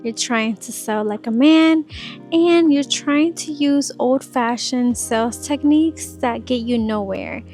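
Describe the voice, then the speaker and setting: A woman's voice: high-pitched, measured pace, faint music behind. A woman in her twenties, an insurance sales agent, chatting casually and animatedly in an advice vlog. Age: 20s. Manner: chatty, animated, demonstrates phone voices.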